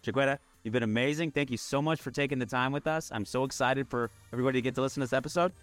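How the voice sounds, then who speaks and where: A man in his thirties hosts a podcast, chatting with a guest in a casual interview. He's upbeat, enthusiastic and quick-talking, with a mid-range voice and faint music in the background.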